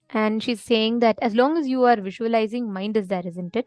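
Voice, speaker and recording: A woman's voice: a little high, normal speed, hardly any pauses, no room sound. A woman leading a live online spiritual teaching session, explaining step by step and often asking if listeners follow. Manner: explanatory, often checking understanding with "correct?".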